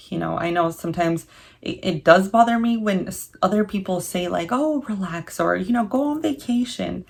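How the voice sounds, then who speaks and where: A woman in her twenties sharing a personal story in a candid vlog, earnest and confiding, at times halting with emotion. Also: on the low side, vocal fry. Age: 20s. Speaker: vlogger.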